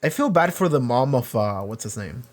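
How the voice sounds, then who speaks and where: A man's voice: medium pitch, lively intonation, moderate pace. Man, casual reaction commentary, rambling, faint music behind. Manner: rambling, many restarts and "like"; acts out quoted characters. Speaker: reaction channel host.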